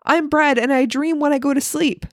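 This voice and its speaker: A woman's voice: high-pitched, no room sound, studio quality, lightly acted. A woman doing a pleading talking loaf of bread. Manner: earnest, drawn-out pleading.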